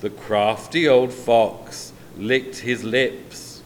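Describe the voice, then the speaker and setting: A man reading a children's story aloud in an expressive, drawn-out way. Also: medium pitch, a little hiss or hum.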